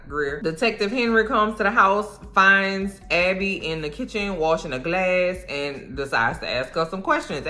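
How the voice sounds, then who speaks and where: A woman recapping a TV episode in a sassy, animated way, full of slang and mock outrage. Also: lowish voice, normal speed, hardly any pauses. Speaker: TV recap vlogger.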